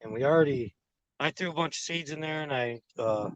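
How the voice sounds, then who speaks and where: A man with a fairly high voice speaks a little fast in a dry, lo-fi recording. He hosts a garden channel and is giving an informal outdoor live-stream tour, chatting with viewers in a rambling, friendly-plain style. He films on a phone or camera, tripod-mounted at first, then held while walking.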